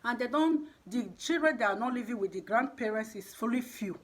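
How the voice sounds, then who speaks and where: A woman's voice: fairly high pitch, animated, fairly quick. A woman giving an impassioned, emphatic monologue, exhorting and repeating her points. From Nigeria. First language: Edo.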